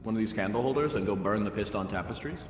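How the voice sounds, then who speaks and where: A man's voice: fairly low pitch, fast talker. A man chatting casually during a multiplayer game, explaining how things work. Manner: explains mechanics, jokey. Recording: echoey game audio with faint noise.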